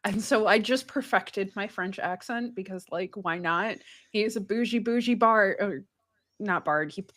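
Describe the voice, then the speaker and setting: A woman's voice: mid-range voice, moderate pace, fairly bright tone. A woman co-hosting a podcast in casual chat, laughing often and swearing casually. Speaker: podcast co-host.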